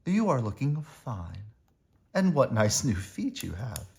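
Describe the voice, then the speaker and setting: Man voicing fond mama mouse, slow and lilting. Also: mid-range voice, big pitch swings, gravelly, a little hiss or hum, exaggerated voice. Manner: warm and fond. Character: loving mother mouse greeting her son.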